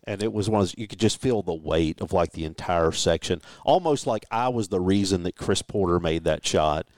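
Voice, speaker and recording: Casting: low-voiced male co-host, anecdotal, easy laugh, dry studio sound. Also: a little fast, darkish tone, dry recording. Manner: storytelling, self-correcting, laughs easily. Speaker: sports talk co-host. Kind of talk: casual sports chat.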